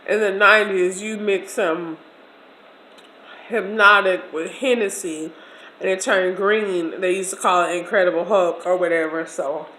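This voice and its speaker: A woman's voice: fairly low pitch, unhurried, slight background noise. Chatty woman telling a story, echoey room. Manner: chatty, slangy, expressive storytelling. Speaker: vlogger. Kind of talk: casual storytelling over a meal.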